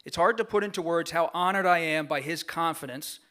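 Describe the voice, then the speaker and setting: A man's voice: a little high, fairly quick, pushed and bright. A man giving a formal, earnest acceptance speech at a gala, reading prepared remarks of thanks from a podium microphone. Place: large gala banquet room.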